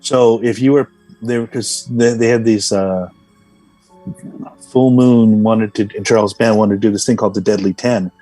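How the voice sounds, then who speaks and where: A man's voice: on the low side, steady tone, normal speed, mellow, no room sound, soft background music, rough recording. A man from Los Angeles, a character actor, telling rambling anecdotes with many fillers as a podcast guest. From Los Angeles, USA. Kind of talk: casual podcast interview.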